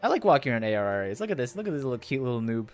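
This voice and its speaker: Over soft background music, a man talks with his live audience as he plays, rambling, chatty and responding to chat. He speaks very fast in a sing-song, mid-range voice that's a little mellow.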